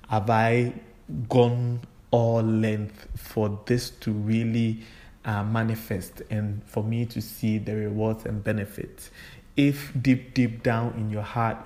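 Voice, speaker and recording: A man hosting a solo podcast, talking in an unhurried, reflective way with frequent fillers. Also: fairly low pitch, a little mellow. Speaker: podcast host.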